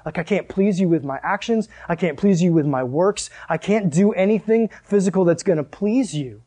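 A man preaching a sermon in a casual, animated way, full of "like" and asides. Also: high-pitched, moderate pace. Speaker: pastor.

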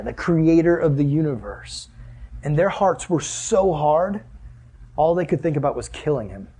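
Animated high-voiced male preacher. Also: slightly rough. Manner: animated, acts out voices of Jesus and Pharisees; casual, conversational with the audience. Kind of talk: sermon.

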